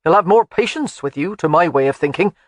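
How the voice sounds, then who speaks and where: Old Highland man, gruff and teasing, voiced by the audiobook narrator; animated delivery, dry studio sound. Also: a little fast, dry recording. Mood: coaxing. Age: older. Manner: blunt, scolding, folksy. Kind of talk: audiobook character voice.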